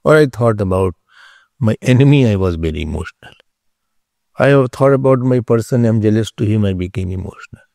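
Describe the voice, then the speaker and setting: A man teaching a philosophy class, explaining slowly, repeating key terms and checking whether his listeners follow. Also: on the low side, lively intonation, gravelly, a little mellow, no room sound, clean studio sound. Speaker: spiritual teacher.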